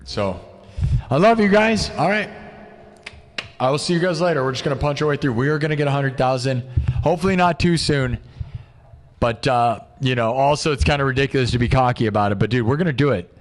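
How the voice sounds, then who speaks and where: A young man hosting a livestream, chatting casually and excitably, full of "dude" and "like", and rattling off supporters' names. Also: mid-range voice. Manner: excitable, loose, peppered with "dude" and "like"; reads out supporters' names in a quick list. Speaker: livestream host. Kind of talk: casual rambling livestream chat.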